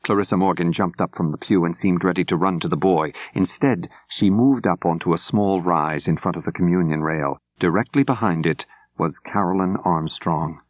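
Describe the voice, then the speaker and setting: An older man narrating an audiobook in a measured, clear storytelling manner, close to the microphone. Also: low voice, no room sound. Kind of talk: scripted narration. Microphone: close studio mic.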